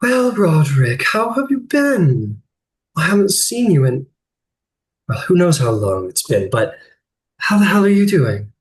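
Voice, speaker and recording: A man's voice: a little high, sing-song, unhurried, voice pushed up, poor audio. A man voicing a cheerful dead woman friend with a sing-song manner in a tabletop game. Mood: warm, surprised. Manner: breezy and teasing.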